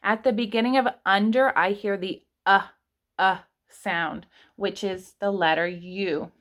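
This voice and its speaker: A woman with a medium-pitched, slightly bright voice and fairly even intonation teaches kindergartners in an online lesson. Patient and slow with the children, she stretches words out sound by sound.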